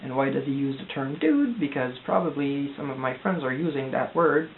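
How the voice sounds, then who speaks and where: A distressed young man from Quebec, rambling anxiously in a confessional video diary, halting and repeating himself. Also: medium pitch, lively intonation. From Quebec, Canada. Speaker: vlogger. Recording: tinny lo-fi audio with hiss.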